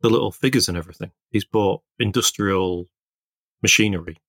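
A podcast co-host and illustrator chats casually, rambling through stories and often interrupting and correcting himself. His voice is on the low side with a fairly bright tone, and he talks fairly quickly. The studio-quality recording has no echo.

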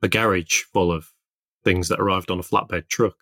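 A man's voice: sits low, fairly even intonation, moderate pace, pushed and bright, no room sound, clean studio sound. A man co-hosting a podcast, chatting casually and rambling through stories with lots of self-corrections. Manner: rambling, self-interrupting storyteller. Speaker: podcast co-host, illustrator. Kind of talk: casual chat.

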